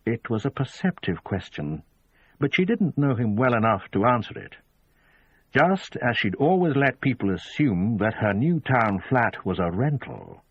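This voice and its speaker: Husky male audiobook narrator. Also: lowish voice, dry recording. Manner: measured storytelling. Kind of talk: scripted narration. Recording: dull lo-fi audio, dry.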